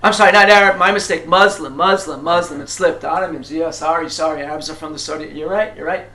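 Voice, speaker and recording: A man's voice: fairly high pitch, fast, bright, forceful tone, roomy sound. A man leading a small group through history as a tour guide, chatty and full of questions to his listeners, with many fillers and restarts. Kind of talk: casual guided lecture.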